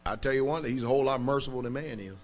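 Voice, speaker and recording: A pastor with a mid-range voice preaches a sermon in rapid-fire, emphatic, colloquial speech. He talks informally and checks in often with his congregation.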